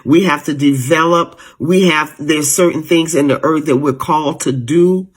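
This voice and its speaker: A man's voice: a little high, breathy edge. A man preaching with strong feeling, repeating his phrases and calling listeners honey and baby. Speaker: spiritual speaker in a clip. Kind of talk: emotional preaching.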